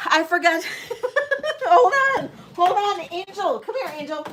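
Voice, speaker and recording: A woman's voice: very high-pitched, very animated, takes it slowly, fairly bright tone, a little hiss or hum. A woman hosting a live-stream vintage jewelry sale, chatting directly with her viewers. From Detroit area, United States. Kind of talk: live-stream auction chat.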